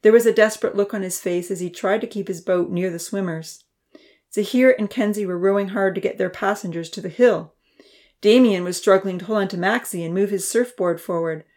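A woman narrating a children's storybook, voicing the characters with a higher pitch and dropping to a whisper for quiet thoughts. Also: fairly quick. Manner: reads characters' lines with raised pitch and soft whispers.

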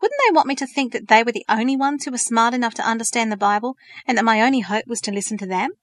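A woman's voice: on the high side, animated, fast talker, dry recording, studio quality, lightly acted. A woman voicing an earnest, thoughtful teenage girl in a storybook reading, asking pointed questions.

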